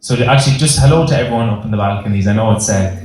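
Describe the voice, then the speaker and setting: A man's voice: fairly low pitch, rapid-fire, darkish tone. A young Irish man, a singer, chatting and telling jokey stories to a live concert audience in a self-mocking way. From Ireland. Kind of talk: on-stage storytelling banter. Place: concert hall on stage. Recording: live hall echo, music behind.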